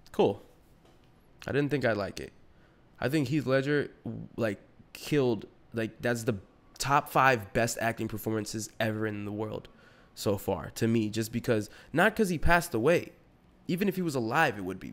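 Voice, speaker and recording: A young adult man hosting a podcast solo, rambling in a slangy, profane, casual way. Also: on the low side. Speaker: podcast host.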